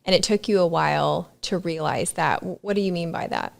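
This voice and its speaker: A woman's voice: fairly low pitch, brisk, creaky. A woman hosting a podcast, casual and chatty as she asks questions. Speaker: podcast host. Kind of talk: conversational interviewing.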